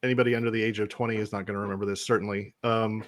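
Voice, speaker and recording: A man's voice: lowish voice, little pitch movement, very fast. A man in casual podcast chat, speaking in a reflective, earnest way.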